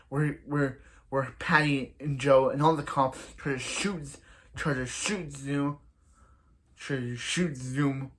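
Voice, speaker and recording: A man casually recapping a TV episode, rambling with lots of restarts and acting out characters' lines in quick asides. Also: mid-range voice, fairly bright tone. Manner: rambling, full of restarts and "so yeah". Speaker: TV episode reviewer.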